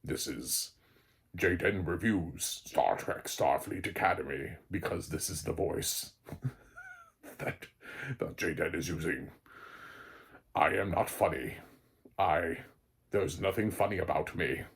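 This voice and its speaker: A man doing a forced-deep, deadpan alien voice. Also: takes it slowly, vocal fry, long pauses, a little hiss or hum, heavily acted. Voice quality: forced low, flat, self-serious. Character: young man forcing a fake deep alien voice.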